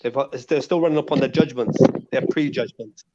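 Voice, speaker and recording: A man's voice: mid-range voice, brisk, heavy background noise. Insistent man debating on a lo-fi call. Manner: argumentative, insistent on being heard. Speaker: panelist. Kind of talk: heated podcast debate. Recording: dull lo-fi online call audio.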